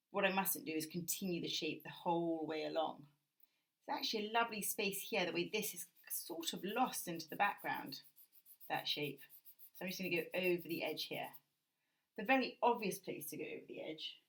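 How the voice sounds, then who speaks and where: A British woman, her voice sitting a little low, talks through a drawing demonstration indoors at a table. She explains gently and thinks aloud as she works, like an art teacher guiding a class at home. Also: poor audio. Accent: British English.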